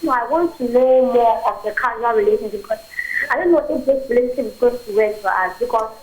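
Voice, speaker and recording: A woman calling in to a talk show, speaking softly and hesitantly about her confusion. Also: on the high side, fast talker, rough recording. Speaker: phone-in caller. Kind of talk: call-in confession.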